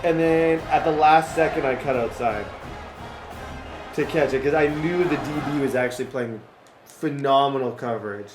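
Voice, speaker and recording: Young guy talking over his football gameplay, rambly and self-critical, yells on big plays, faint music under it. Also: medium pitch, moderate pace. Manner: rambling, self-critical, bursts into excited yelling. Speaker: gaming youtuber. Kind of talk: casual gameplay commentary.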